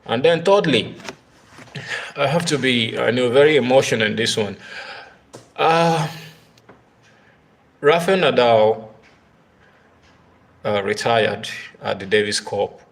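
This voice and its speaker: A man hosting a live tennis talk stream, speaking casually and haltingly with many fillers, addressing his viewers directly. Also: medium pitch, expressive, vocal fry. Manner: talks straight to viewers, asks for comments.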